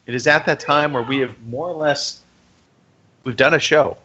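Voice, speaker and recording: Bright-voiced American podcast host. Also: male voice, medium pitch, normal speed, lo-fi sound, slight background noise. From United States. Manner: jokey, rambling announcer reading plugs. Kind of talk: casual podcast chat.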